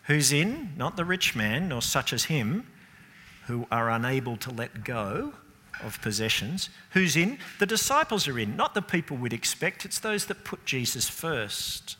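A man preaching a sermon, asking the room rhetorical questions and swinging between loud and soft. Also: medium pitch, very animated, a little slow, long reverb tail, a little hiss or hum.

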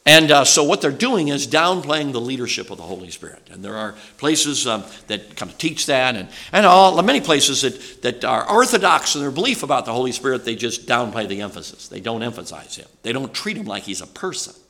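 Bright-voiced older man preaching. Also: mid-range voice, very animated, a little fast, creaky, few pauses. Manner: folksy, rambling with restarts and asides, asks the audience questions. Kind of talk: sermon.

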